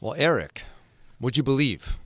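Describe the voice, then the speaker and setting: Animated man riffing on a podcast. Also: mid-range voice, moderate pace, dry recording. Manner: animated, expressive storyteller. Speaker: podcast co-host. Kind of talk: casual chat.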